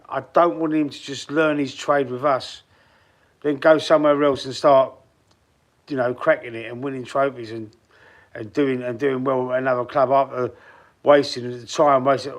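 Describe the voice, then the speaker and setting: A Cockney man from the East End talks loosely to his viewers on a live stream and calls them by name. His talk rambles, with restarts and asides, and it stays casual from start to finish. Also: mid-range voice. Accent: East End London (Cockney). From London, East End. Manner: speaks straight to chat viewers by name. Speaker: football fan live streamer. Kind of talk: casual live stream chat, reading out comments.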